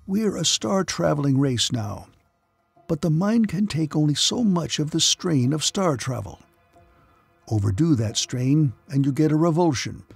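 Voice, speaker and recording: A man's voice: a little high, expressive, unhurried, gravelly, husky, no room sound, soft background music, pitched above the performer's own voice, heavily acted. A man voicing a sober, thoughtful male psychotherapist from another star. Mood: calm.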